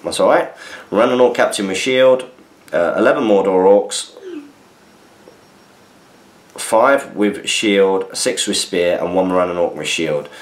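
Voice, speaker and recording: Low-voiced man chatting in a roomy space. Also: a little slow, long pauses. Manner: chatty, reads listener messages aloud with asides. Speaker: podcast host answering listener questions. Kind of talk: casual chat. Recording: roomy echo.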